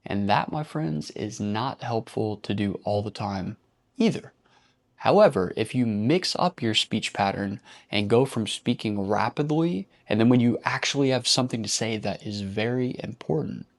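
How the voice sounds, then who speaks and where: A young man giving casual self-help advice in a vlog, rambling with profane jokey asides and switching between rapid bursts and slow, deliberate stretches. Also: fairly low pitch. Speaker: YouTuber.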